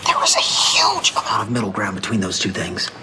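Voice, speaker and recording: A man's voice: fairly low pitch, huge pitch swings, brisk, very noisy. A man playing an exasperated young partner who scolds his friend in a comedy skit played over stadium speakers.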